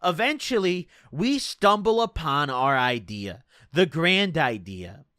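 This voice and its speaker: A young man in his twenties spins a rambling, profane tale in a high, bouncy voice that swoops up and down. His tone is bright and sharp, and the sound is dry and close. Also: big pitch swings, slow, no echo. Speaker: streamer. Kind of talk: casual storytelling.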